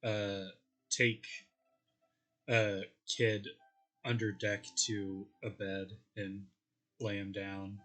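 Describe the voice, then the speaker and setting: Man, tabletop player, hesitant, very slow talk, bright tone. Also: on the low side, little pitch movement. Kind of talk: casual chat.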